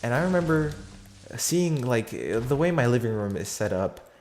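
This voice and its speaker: A man's voice: mid-range voice, very animated, moderate pace, darkish tone, slight background noise. A fourteen-year-old boy telling a story in a casual vlog, rambling with lots of fillers, slang and restarts. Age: teenager, fourteen.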